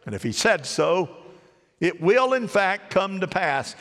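A man preaching a sermon in a church, swinging between loud rising cries and low hushed phrases. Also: sing-song, measured pace. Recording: long hall reverb.

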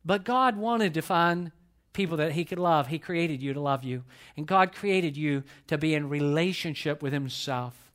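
A man preaching a sermon at a church service, building through repeated phrases, then dropping to a hush. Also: on the high side, moderate pace. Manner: impassioned, repetitive preaching with sudden swells and hushed drops. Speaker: pastor.

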